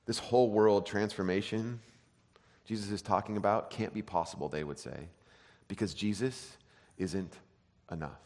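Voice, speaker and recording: A pastor in his thirties giving an animated sermon full of self-deprecating stories. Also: fairly low pitch, moderate pace, in a large hall.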